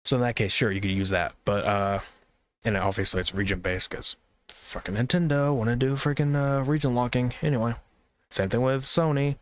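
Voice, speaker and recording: A man's voice: medium pitch, fairly quick. A man co-hosting a live stream, chatting casually about games, rambling and swearing freely while he talks to the chat.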